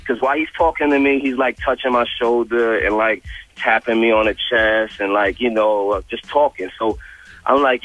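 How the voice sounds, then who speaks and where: A man in his thirties with a New York accent, calling in to a radio show and telling a story in an animated, slangy way. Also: mid-range voice, normal speed. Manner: animated, retells quotes in a slangy street style. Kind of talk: casual storytelling on a call-in. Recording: muffled radio phone-in audio.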